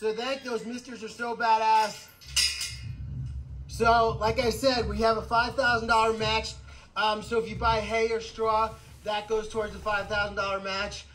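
A man hosting a casual live vlog outdoors on an animal sanctuary farm, talking in an excitable, rambling way. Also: sits high, moderate pace, a little hiss or hum, rough recording.

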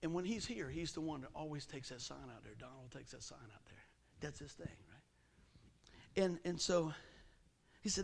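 A middle-aged man preaching a sermon in a folksy, animated way, his pitch and volume jumping often. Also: normal speed, vocal fry. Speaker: pastor.

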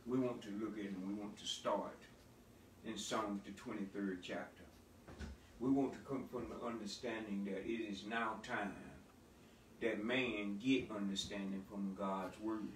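A man preaching as pastor of a church, moving from a quiet spoken prayer to loud, shouted sermon passages. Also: fairly low pitch, fairly even intonation, unhurried, echoey room, far from the mic, slight background noise, rough recording.

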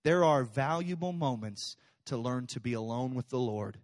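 A male pastor preaching a sermon in a church, animated and conversational, swinging between loud, intense passages and hushed, soft ones. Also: mid-range voice, normal speed. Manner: casual, conversational phrasing with fillers. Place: church sanctuary.

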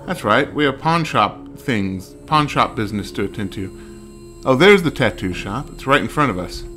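Bright-voiced man joking through a game. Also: mid-range voice, animated, normal speed, soft background music. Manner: wry, joking running commentary. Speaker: let's play gamer. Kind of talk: casual gameplay commentary.

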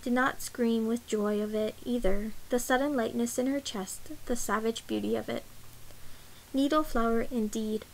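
A woman reads a novel aloud in a measured, quiet way. Her voice sits a little high and even, unhurried from line to line. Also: slight background noise, rough recording. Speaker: audiobook reader.

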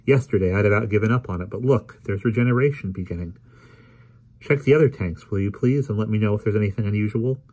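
Storybook: man playing a brisk, keen middle-aged lab scientist, a touch higher than his low voice. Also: darkish tone, husky. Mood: eager.

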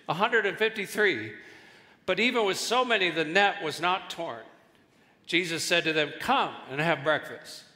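A man preaching a sermon as pastor, telling stories and acting out voices in his jokes. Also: a little high. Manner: animated storytelling, acts out voices in jokes. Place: large church hall. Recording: reverberant church hall.

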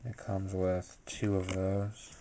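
A tired man casually narrating a card pack unboxing, low-key and unhurried. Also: flat delivery, dark tone, slight background noise. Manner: low-key, unhurried commentary with filler words. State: tired and sleepy. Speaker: YouTuber opening a card pack.

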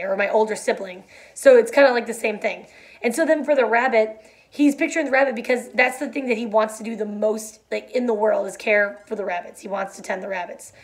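A woman reading a novel aloud and explaining it casually, with many fillers. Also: fairly high pitch.

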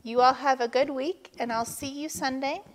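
A woman reading a picture book aloud to children at church, slow and expressive. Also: high-pitched, a little hiss or hum, poor audio. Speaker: children's story reader at a church.

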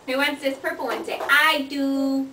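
A woman with a fairly high voice coaxes a child to name things, slow, clear and sing-song, drawing the words out. She is heard from a camera across an echoey room, with a lot of hiss under her voice. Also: level tone, far from the mic. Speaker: speech therapist. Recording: echoey room, mic from afar, noisy home video.

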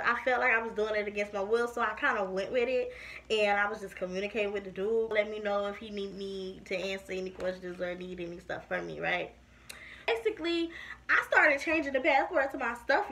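A young woman, casually telling a story to her viewers and often calling them "y'all". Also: on the high side. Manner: chatty, animated, addresses viewers as y'all. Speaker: storytime vlogger.

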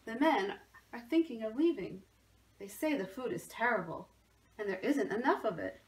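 A woman's voice: a little high, lively intonation, moderate pace, echoey room, recorded from a distance, a little hiss or hum, lightly acted, poor audio. A woman doing a grave, polite army general. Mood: worried. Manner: grave, warning tone.

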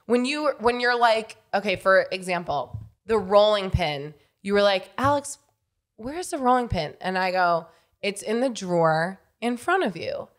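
A woman's voice: medium pitch, a little slow. A young woman co-hosting a podcast in casual, bickering chat, teasing, laughing often and swearing freely. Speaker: podcast co-host.

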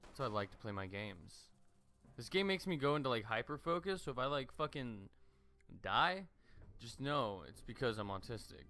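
Profane young man yelling over gameplay. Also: medium pitch, animated, normal speed. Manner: joking and profane, with sudden shrieking outbursts. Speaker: gaming streamer. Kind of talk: gameplay commentary. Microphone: desk mic on a stand.

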